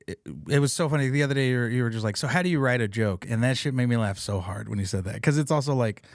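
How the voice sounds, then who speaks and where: A man's voice: medium pitch, very fast, no echo, clean studio sound. Swearing, laughing man hosting a podcast. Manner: loose, swearing, laughs a lot. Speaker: podcast host and comedian. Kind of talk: casual chat.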